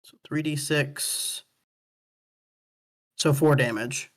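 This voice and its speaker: A tabletop player who gives halting, helpful rules reminders to the group. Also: medium pitch, steady tone, fairly bright tone. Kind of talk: tabletop game play.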